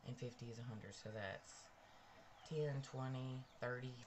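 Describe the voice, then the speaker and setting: A woman's voice: extremely low pitch, fairly even intonation, unhurried, darkish tone. A woman hosting a casual live stream from her bedroom, chatty and bubbly, greeting viewers by name. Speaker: livestream host. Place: bedroom at home.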